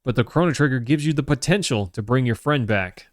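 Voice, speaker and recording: A man reading as a calm old sage. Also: mid-range voice, fairly quick, no room sound, clean studio sound, natural voice. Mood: solemn. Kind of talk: reading game dialogue aloud.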